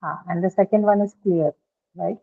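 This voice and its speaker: A woman's voice: lowish voice, steady tone, normal speed, creaky. A woman teaching an online lesson, explaining patiently and checking in with "right?". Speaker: English teacher. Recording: tinny phone-like call audio.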